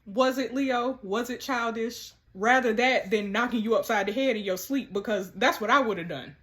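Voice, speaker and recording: A woman giving sassy, animated commentary while playing through a texting story game. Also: fairly high pitch, normal speed. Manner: animated, sassy, laughs often. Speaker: content creator.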